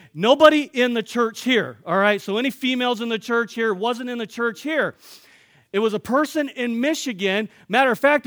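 A man preaching in an animated storytelling way, excitable, laughing and bursting into loud shouts. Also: very high voice, no room sound.

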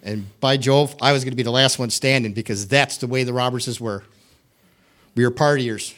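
A middle-aged man from the United States shares his personal testimony at church. He talks in a candid, conversational way and pokes fun at himself with dry humor. His voice sits at an ordinary middle pitch. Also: fairly even intonation, normal speed, fairly bright tone. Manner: candid, self-deprecating, wry humor. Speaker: church member giving testimony.

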